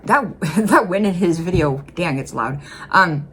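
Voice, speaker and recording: Casual: midwest lady w a deep-ish voice rambling through her reaction, likes and ums everywhere. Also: expressive, unhurried, a bit bright, husky. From Midwest United States. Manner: rambling, heavy with "like" and "um". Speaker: reaction video host. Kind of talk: casual commentary.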